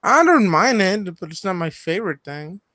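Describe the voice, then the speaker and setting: Male podcast regular; dismissive, flat delivery, dry sound. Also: high-pitched, normal speed, no echo. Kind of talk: casual chat.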